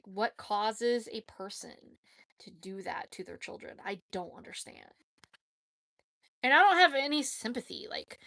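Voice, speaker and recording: This clean, echo-free studio recording captures a woman whose voice sits on the high side and sounds a bit bright. Chatting casually on a live stream, she fields viewer questions with blunt opinions, frequent fillers, and plenty of mid-sentence self-corrections.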